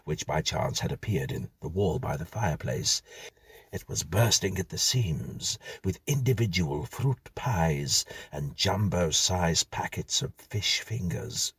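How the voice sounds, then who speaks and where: Male narrator, deep, husky, slow, lively pitch, dry close sound. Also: no room sound. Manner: measured, dryly whimsical reading. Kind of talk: scripted storytelling.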